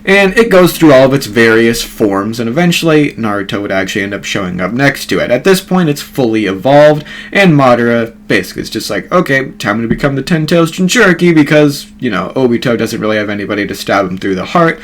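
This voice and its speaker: A man's voice: mid-range voice, lively intonation, a little fast, hardly any pauses. A man casually narrating a fan story, rambling and swearing, full of fillers. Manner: rambling, profane, filler-heavy.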